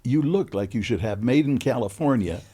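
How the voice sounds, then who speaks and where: A man's voice: medium pitch, lively intonation, moderate pace, dark tone, breathy edge. A man hosting a podcast interview, asking dry, teasing questions. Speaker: podcast host.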